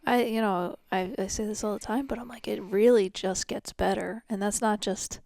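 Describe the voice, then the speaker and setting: A woman's voice: medium pitch, fairly even intonation, moderate pace, gravelly, a little mellow, dry recording, clean studio sound. A woman in her thirties co-hosting a podcast, chatty and reflective with lots of "like". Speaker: podcast co-host. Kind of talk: casual podcast chat.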